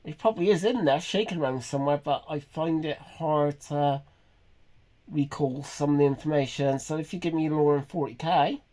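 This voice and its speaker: Halting man in his fifties. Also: a little high, warm tone. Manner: halting, hesitant, many pauses and restarts; earnest and emotionally raw. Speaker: vlogger. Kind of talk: personal confessional monologue.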